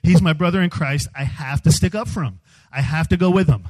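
Animated, self-mocking man telling a story. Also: fairly high pitch, fairly quick, poor audio. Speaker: youth speaker. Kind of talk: humorous storytelling sermon.

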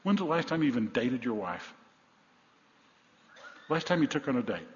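A man in his sixties, a pastor preaching a sermon in a church, blunt and folksy, swinging between loud exhortations and quiet asides. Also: medium pitch, very animated, moderate pace. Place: church sanctuary. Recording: echoey hall, slightly dull sound.

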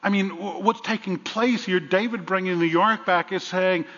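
Pastor, male, fairly high voice, lively preaching delivery, dull sound in a long-reverb sanctuary. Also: normal speed. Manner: animated preaching, swings from loud to hushed. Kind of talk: sermon.

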